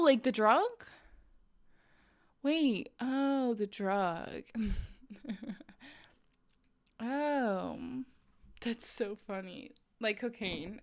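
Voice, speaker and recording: A young woman streamer telling a story in casual chat, rambling with lots of "like" and "um" and laughing often. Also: fairly high pitch. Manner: chatty, rambling, full of "like" and "um".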